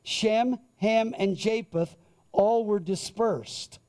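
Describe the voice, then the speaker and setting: Male pastor, sermon; high, mellow voice, slow and deliberate through scripture.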